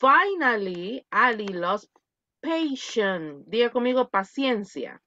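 A woman English teacher leads a lesson over a video call, reading aloud and having students repeat after her. Her voice sits a little high and moves a lot in pitch. The call audio is dry and a touch muffled. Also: very animated, takes it slowly, pushed and bright. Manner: drills pronunciation, switches between English and Spanish. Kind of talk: online English lesson for Spanish speakers.

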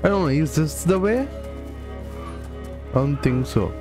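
A man's voice: fairly high pitch, expressive, unhurried, over music. A man muttering unsure comments to himself while playing a video game. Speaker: gamer. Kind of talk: casual gameplay commentary.

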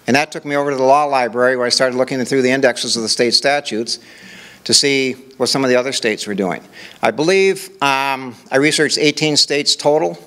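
A man's voice: mid-range voice, brisk, a bit bright. An older man from Minnesota giving a conversational conference presentation, walking through examples with rhetorical questions. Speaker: conference speaker.

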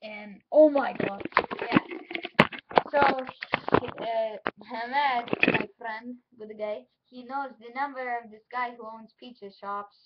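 A woman with a high, bright pitch, chatting in a giggly, scatterbrained way to her viewers. The audio is dull and lo-fi. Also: steady tone, takes it slowly, very noisy. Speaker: YouTuber. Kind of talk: casual vlog chat.

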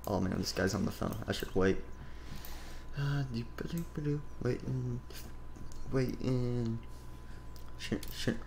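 A man's voice: lowish voice, vocal fry, slight background noise. A man voicing a goofy male animatronic rabbit in an improvised game role-play, rambling and muttering to himself while he works.

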